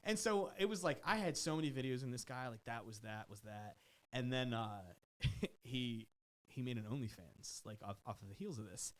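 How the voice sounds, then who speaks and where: Animated storytelling man, cussing freely. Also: mid-range voice, moderate pace. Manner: animated, profane, mimics people in his story. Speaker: guest, personal trainer. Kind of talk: casual podcast storytelling. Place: podcast studio.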